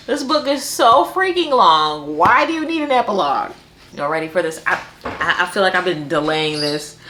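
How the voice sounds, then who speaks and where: A woman's voice: lowish voice, very animated, fairly quick, noisy background. A woman hosting a book vlog, chatting casually to camera with playful, exasperated humor and frequent laughter. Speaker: book vlogger host.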